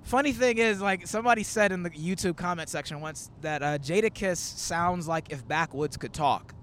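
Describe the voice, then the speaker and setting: A man's voice: high voice, moderate pace, slight background noise. Rambling young man chatting in a car. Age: 20s. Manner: rambling, animated storytelling with quoted asides. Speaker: comedian hosting a road-trip podcast. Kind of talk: casual chat. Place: in a moving car.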